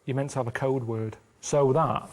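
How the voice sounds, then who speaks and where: A man in his late thirties chatting casually in a deadpan, plain-spoken, complaining way. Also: mid-range voice, normal speed. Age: 30s. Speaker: show's travelling guest. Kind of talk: casual chat with banter.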